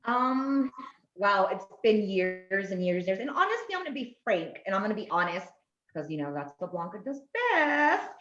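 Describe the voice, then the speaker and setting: An animated woman talks frankly and rambles on a webinar panel, her voice at a middle pitch. The video call sound is dull and muffled, and it echoes in the room. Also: normal speed. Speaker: panelist, committee member. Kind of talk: casual panel talk.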